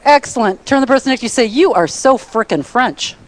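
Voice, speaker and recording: A middle-aged woman giving an energetic, playful motivational seminar talk, bossing a conference audience into call-and-response. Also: fairly high pitch, a little fast, slight background noise. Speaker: motivational speaker. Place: conference hall.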